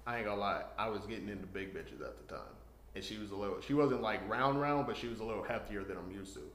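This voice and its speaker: A man co-hosting a podcast, telling a story in casual, profane, animated chat. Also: fairly low pitch, fast. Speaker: podcast co-host. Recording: roomy echo.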